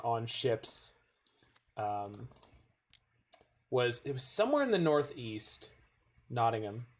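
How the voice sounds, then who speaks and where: A North American man chatting casually with viewers while playing a card game, rambling off into stories. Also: medium pitch. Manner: rambling, digressive storytelling. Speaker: game streamer.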